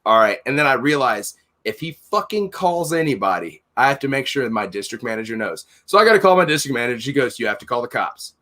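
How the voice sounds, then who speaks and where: A man's voice: mid-range voice, big pitch swings, fast, few pauses, pushed and bright. A middle-aged man telling a heated story in casual podcast chat, blunt and swearing constantly, acting out both sides of an argument. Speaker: podcast host, store owner.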